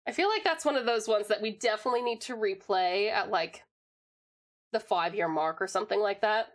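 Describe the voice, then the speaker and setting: A woman's voice: mid-range voice, fairly quick. An American woman in casual chat on a livestream from home, rambling and laughing often as she answers chat. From United States.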